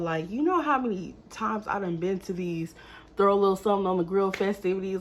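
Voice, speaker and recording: A young woman telling a story to her viewers in a casual, animated, exasperated way. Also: mid-range voice, fairly quick, highs cut off.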